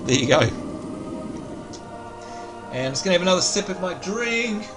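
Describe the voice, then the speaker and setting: A man streams himself playing a video game, chatting loosely, reading viewer messages aloud and giving shout-outs, with excited bursts during play. His voice is high-pitched and moderately paced, with music underneath.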